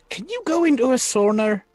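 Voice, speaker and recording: A woman's voice: a little high, big pitch swings, unhurried, a little mellow, dry recording. A woman voicing a tiny, boastful male alien engineer in a tabletop role-play, blustering and calling everyone mate. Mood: chatty.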